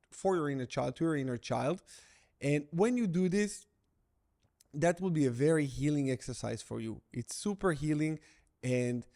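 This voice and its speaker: Speaking directly to camera, a middle-aged man coaches viewers through recovering from a breakup, blunt and emphatic, repeating key phrases to give them weight. His voice is fairly high and a little mellow.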